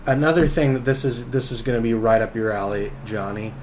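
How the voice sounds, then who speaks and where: A man hosting a casual podcast chat, talking haltingly with many fillers and restarts. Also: medium pitch, darkish tone, slight background noise. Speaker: podcast host.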